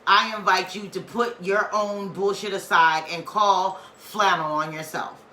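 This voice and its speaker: A woman's voice: medium pitch, steady tone, measured pace, sharp tone. A woman giving a casual weekly spiritual reading, talking in an emphatic, preachy, slangy and playful way. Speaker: spiritual tarot reader. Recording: echoey room, faint background noise.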